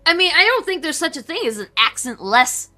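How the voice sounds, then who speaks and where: A woman's voice: sits high, sing-song, a little fast, crowd noise. A woman with a southern Wisconsin accent, chatting casually and rambling on a livestream as an artist co-host. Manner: chatty, rambling, many restarts.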